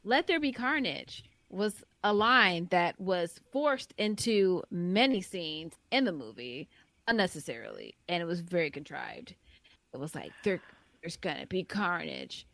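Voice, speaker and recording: Woman on a movie podcast, kinda low voice, dry close sound, blunt and chatty. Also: expressive, unhurried, a bit bright, no room sound. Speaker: podcast co-host. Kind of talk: casual movie review chat.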